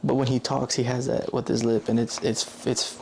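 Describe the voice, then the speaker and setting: A man's voice: mid-range voice, flat delivery, moderate pace, creaky, a little mellow, slight background noise. A young man vlogging in a loose, rambling way, correcting himself often and filling gaps with "like". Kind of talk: casual rambling monologue.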